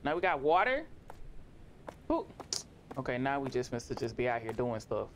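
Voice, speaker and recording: A horror game streamer giving let's play commentary, talking to themself and jumping into sudden high-pitched yelps. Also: big pitch swings, moderate pace, background noise. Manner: talks to themself, reads game text aloud.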